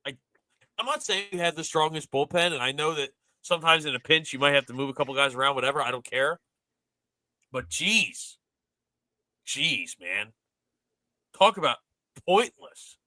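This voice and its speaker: A man's voice: fairly high pitch, animated, moderate pace, long pauses, sharp tone, dry recording, poor audio. A man hosting a casual sports podcast, ranting animatedly with exasperation. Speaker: podcast host.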